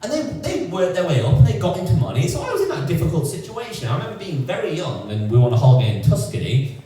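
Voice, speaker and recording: A man from England doing a stand-up comedy set, sardonic and lively, putting on voices for the people he quotes. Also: on the high side, quick pace. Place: comedy club stage. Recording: roomy echoing club sound from a distance.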